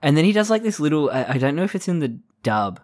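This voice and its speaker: A man's voice: on the high side, very animated, quick pace. A man co-hosting a podcast, chatting loosely and laughing, with trailing sentences and casual swearing. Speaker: podcast co-host. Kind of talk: casual chat about anime.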